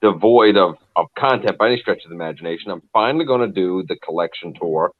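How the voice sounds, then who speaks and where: A man's voice: deep voice, fast talker, phone-quality sound. A man chatting as a guest on a live stream, wordy and self-deprecating. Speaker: guest reviewer. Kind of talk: casual live-stream chat.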